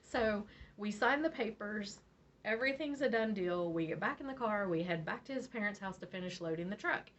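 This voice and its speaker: Speaking briskly in a mid-range voice, this woman, who hosts a beading channel, shares a casual story on her vlog, laughing a lot and acting out quotes with animation. She's from Virginia, and from West Virginia. Slightly dull sound, faint background noise.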